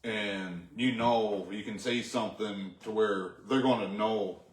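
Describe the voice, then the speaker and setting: A man's voice: lowish voice, fairly even intonation, measured pace. A man co-hosting a casual talk show, rambling through his thoughts with plenty of fillers. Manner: rambling, lots of fillers like "like" and "you know". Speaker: co-host. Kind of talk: casual chat. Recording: echoey room.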